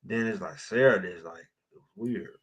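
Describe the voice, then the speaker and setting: A man on a live sports talk show, giving his take in a relaxed, reflective, loose way. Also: on the low side, fairly quick.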